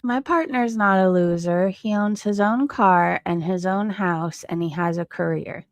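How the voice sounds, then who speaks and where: A woman's voice: fairly low pitch, measured pace, no room sound. A woman hosting a gossip reaction stream, tossing in snarky, mocking comments over a clip. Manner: snarky, mocking, dry asides.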